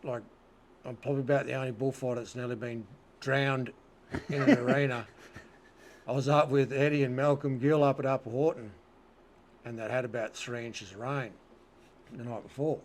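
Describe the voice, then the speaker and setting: A man's voice: mid-range voice, steady tone, a little fast, a little hiss or hum. A man with an Australian accent telling rodeo stories as an interview guest, laid-back, swearing freely and often asking "you know what I mean". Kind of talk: casual storytelling.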